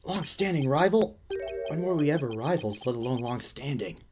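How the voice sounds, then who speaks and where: A man's voice: mid-range voice, animated, normal speed, darkish tone, soft background music, pitched above the performer's own voice, lightly acted. A man voicing a young male defense lawyer with dry, sarcastic delivery. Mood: sardonic. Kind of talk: reading a game script aloud.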